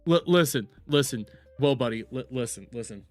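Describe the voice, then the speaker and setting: A man streaming casual reaction commentary, animated and swearing, often repeating words and mocking the people in the clips. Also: medium pitch, moderate pace, no echo, soft background music.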